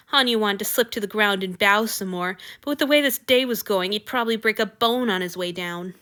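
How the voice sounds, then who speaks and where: A woman reads a fiction story aloud with expressive, lively narration. Her voice is bright and crisp. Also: mid-range voice, brisk, hardly any pauses. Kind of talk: audiobook reading of fiction.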